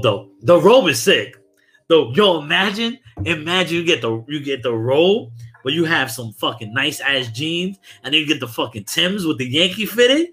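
A young man from Brooklyn, hosting a podcast in a loose, profane, animated chat and laughing often. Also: medium pitch. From Brooklyn, New York. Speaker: podcast host. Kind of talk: casual chat.

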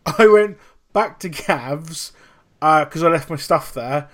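A young man hosting a podcast, telling a story in casual chat, with lively swearing and acted-out quotes. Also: on the high side, slow pace. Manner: animated, swearing, acts out quotes. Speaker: podcast host.

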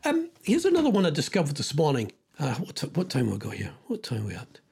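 A man's voice: on the high side, huge pitch swings, quick pace, creaky, darkish tone, breathy edge. A middle-aged Scottish man hosting a radio show, chatting casually and rambling as he thinks aloud. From Scotland. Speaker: radio host. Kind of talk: casual chat.

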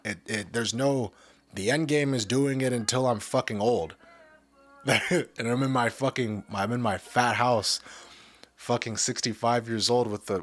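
A man's voice: mid-range voice, a bit bright. A young man hosting a podcast, giving a casual, profane, rambling motivational talk full of restarts. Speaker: podcast host.

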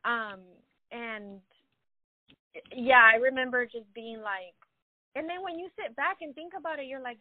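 A young woman telling a story in casual chat, slangy and quick to swear. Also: fairly high pitch. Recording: dry, tinny phone-line sound.

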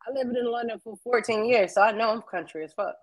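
A woman's voice: a little high, quick pace, no room sound. A woman from Brooklyn talking as a guest in a casual chat. She is profane, swaggering and emphatic. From Brooklyn, New York.

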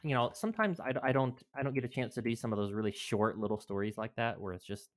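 Podcast host, average-pitched voice, easy laughter, halting filler-heavy chat. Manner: laughs easily, hesitant with fillers. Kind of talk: casual chat.

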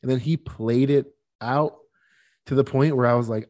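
A man in his thirties co-hosting a podcast in casual chat, chatty and quick to laugh, often acting out quotes. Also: medium pitch. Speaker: podcast co-host.

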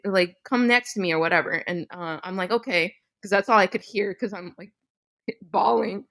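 A young woman podcast host telling a story in a casual chat, animated and laughing often, with some swearing. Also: mid-range voice, unhurried. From Midwestern United States.

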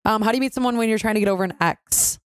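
A woman's voice: fairly high pitch, no room sound, clean studio sound. Blunt young woman podcast co-host. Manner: blunt, swears freely, gives dating advice in quick lists. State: has hiccups. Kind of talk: casual chat.

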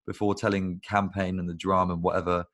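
A man's voice: low voice, flat delivery, brisk, a bit bright. A man, a guest on a video call interview, talking casually in long rambling stories and swearing freely. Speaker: guest, recruitment business founder.

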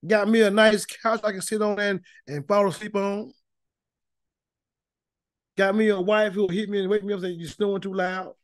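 Male Bible teacher, high voice, dry close sound, folksy and emphatic, repeats himself. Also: level tone, moderate pace, long pauses, dry recording. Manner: folksy, emphatic preaching with many repeated words. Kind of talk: informal Bible study teaching.

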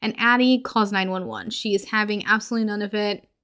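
A woman's voice: mid-range voice, steady tone, fast, fairly bright tone. A woman hosting a horror podcast, recapping a movie in a chatty way full of filler words.

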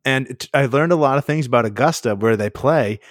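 A man's voice: mid-range voice, a little fast, no room sound, studio quality. A young man co-hosting a casual podcast, telling rambling stories with wry, profane asides. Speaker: podcast co-host. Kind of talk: casual chat.

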